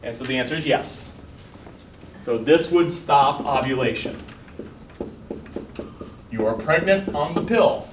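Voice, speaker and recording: A man's voice: a little high, animated, measured pace, pauses often, recorded from a distance, background noise. A man teaching a college biology class, lecturing casually and firing questions at his students. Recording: echoey classroom recorded from afar.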